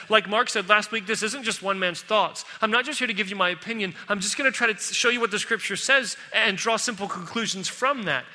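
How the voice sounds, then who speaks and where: A man delivers a sermon with a high, very bright voice. He talks in an emphatic, conversational way and tells stories as he goes. His words ring out with the long reverb of a large hall. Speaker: pastor.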